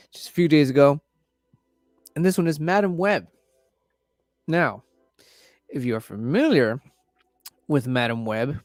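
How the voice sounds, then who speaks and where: A man's voice: medium pitch, no room sound, clean studio sound. A man hosting a casual livestream, talking loosely and swearing freely as he reacts to trailers. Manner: loose, profane, chatty. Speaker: livestream host reviewing trailers.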